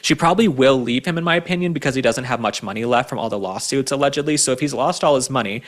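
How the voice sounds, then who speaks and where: A man's voice: medium pitch, fast talker. A man hosting an opinionated pop culture commentary show. He speaks emphatically and keeps tagging his points with "okay?". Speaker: host.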